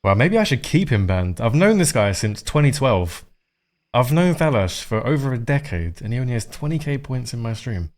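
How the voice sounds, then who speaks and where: A man's voice: mid-range voice, sing-song, moderate pace. A man streaming a game live, chatting casually and rambling, with frequent swearing.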